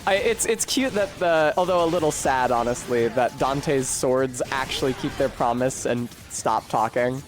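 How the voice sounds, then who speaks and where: Male game streamer, mid-pitched, rambling and profane, faint music behind. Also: normal speed, hardly any pauses. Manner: rambling, profane and self-deprecating. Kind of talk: casual gameplay commentary.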